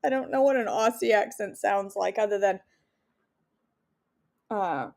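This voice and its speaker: A woman's voice: medium pitch, unhurried, gravelly, a little mellow. A woman hosting a live devotional stream, chatting with viewers and leading a spoken prayer. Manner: chatty, answers viewers' comments by name, laughs easily.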